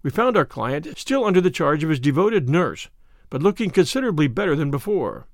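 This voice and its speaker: A man narrating a classic story in an expressive, measured reading. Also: fairly high pitch, dry recording, studio quality. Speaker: audiobook narrator. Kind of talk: scripted narration.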